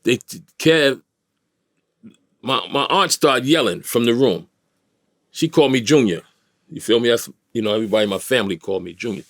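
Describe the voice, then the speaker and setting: A man's voice: mid-range voice, lively intonation, normal speed, pauses often, a bit bright, no room sound. A middle-aged man from New York, a guest in a studio interview, telling a vivid street-style story and acting out the voices of others.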